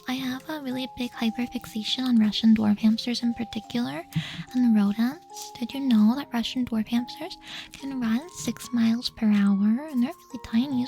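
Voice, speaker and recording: A woman streaming ASMR, speaking very close to the mic, whispering soft and doting reassurance and reading chat questions aloud. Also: fairly high pitch, creaky.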